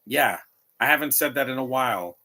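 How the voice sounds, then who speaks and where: A man's voice: mid-range voice, expressive, brisk, pushed and bright. A man giving live watch-along commentary on a movie, opinionated and rambling, often restarting his sentences.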